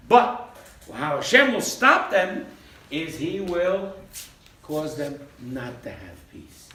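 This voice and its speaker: A man teaching a Torah class as a rabbi, animated, acting out little scenes in funny voices and laughing along. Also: on the high side, slow pace. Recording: echoey room, mic at a distance, faint background hiss.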